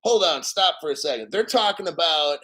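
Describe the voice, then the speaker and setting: Loud cocky guy reading crypto news, swearing a lot, kinda high voice, laughing and choking up. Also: lively intonation, brisk, husky, rough recording. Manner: boastful, swearing, laughing, reads article aloud. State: emotional, near tears. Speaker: crypto channel host. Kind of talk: profane excited commentary.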